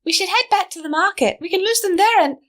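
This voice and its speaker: Woman voicing a determined commanding pony filly, higher voice; audiobook hero. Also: expressive, fast, a bit bright. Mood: urgent. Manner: commanding, urgent. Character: bold determined young pony filly leader.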